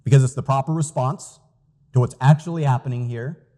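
A man's voice: mid-range voice, brisk, warm tone. A man preaching a sermon as pastor, earnest and emphatic, reading out scripture quotes.

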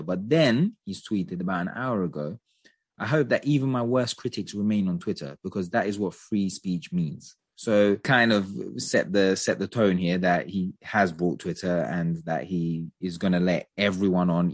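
Man, podcast co-host, deep voice, husky, dry close sound, casual chatty opinions. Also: moderate pace, no echo. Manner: chatty, animated opinions with frequent hedges.

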